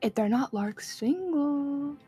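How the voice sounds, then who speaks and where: A woman's voice: high-pitched, expressive, slow, warm tone, soft background music. A woman playing a tabletop game, chatting and teasing her fellow players. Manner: playful, teasing.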